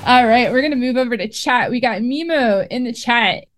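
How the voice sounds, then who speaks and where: A woman's voice: a little high, moderate pace, faint music behind. A woman co-hosting a podcast, reading listener questions aloud in a light, giggly way. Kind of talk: casual podcast chat.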